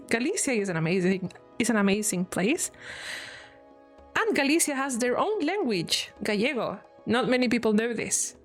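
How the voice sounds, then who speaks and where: A woman from Spain with a Spanish accent, chatting casually on a live stream, laughing often and explaining things with examples. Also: a little high.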